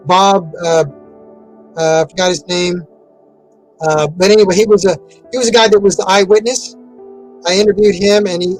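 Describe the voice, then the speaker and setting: A man's voice: sits high, poor audio. A man giving an interview in a casual, rambling way, with many fillers and restarts. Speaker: interview guest.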